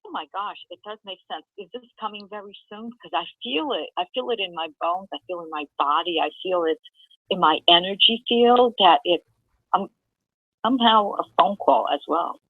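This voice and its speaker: A woman calling in to a radio show, eager and effusive, speaking softly. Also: mid-range voice, moderate pace, husky, no room sound. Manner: eager, effusive, soft-spoken. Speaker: caller. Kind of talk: phone call-in conversation. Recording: tinny phone line.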